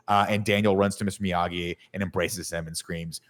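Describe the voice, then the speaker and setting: A man with a somewhat low voice, co-hosting a studio podcast. He retells a film's plot with animated, profane energy in casual chat. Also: a little fast. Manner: animated, profane storytelling with acted-out quotes. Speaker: podcast co-host. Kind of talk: casual movie recap.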